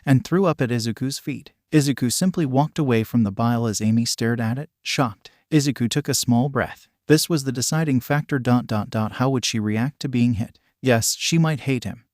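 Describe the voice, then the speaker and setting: A synthetic male narrator reads a story in a flat, mechanical way, sometimes spelling out punctuation. His pitch sits in the middle of the range, and the sound is dry and close. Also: moderate pace, hardly any pauses, no room sound. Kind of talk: text-to-speech reading of fan fiction.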